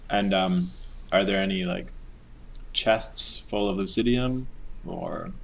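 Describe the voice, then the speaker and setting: Man, tabletop player, very deep voice, gravelly, easygoing. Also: takes it slowly. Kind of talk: tabletop role-play.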